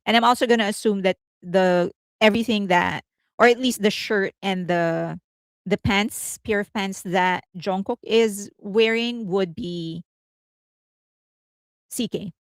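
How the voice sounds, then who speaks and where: A woman hosting a casual entertainment news livestream, chatty and rambling, laughing often and thinking out loud. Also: medium pitch, a little slow, dry recording.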